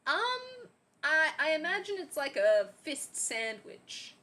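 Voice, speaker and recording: A woman's voice: sits high, sing-song, takes it slowly, bright, forceful tone. A woman giving a playful, mock-teacherly lesson on slang in casual stream chat, often giggling. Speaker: guest teaching Australian slang.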